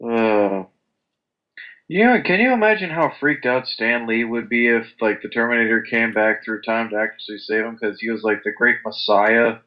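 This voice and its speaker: A man's voice: mid-range voice, moderate pace, muffled recording. A young man in casual chat, telling rambling stories with lots of restarts and crude language. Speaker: podcast co-host.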